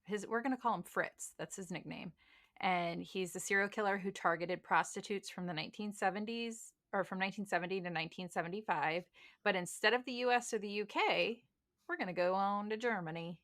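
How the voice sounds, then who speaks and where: Bright, folksy Southern woman podcaster. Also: medium pitch, brisk. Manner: blunt, joking, folksy slang. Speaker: podcast host, case narrator. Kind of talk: casual true crime podcast chat.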